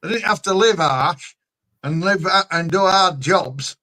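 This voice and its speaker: A man with a Yorkshire accent chatting casually on a live stream, blunt and quick to laugh as he explains things at length. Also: sits high, sharp tone, low-quality recording. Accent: Yorkshire English. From Yorkshire, England. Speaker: streamer, truck driver.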